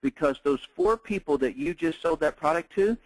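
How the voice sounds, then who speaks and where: A man's voice: fairly high pitch, animated, moderate pace, no echo, low-quality recording. A middle-aged man giving a webinar business training in a casual, storytelling way, with lots of fillers. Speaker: network marketing trainer.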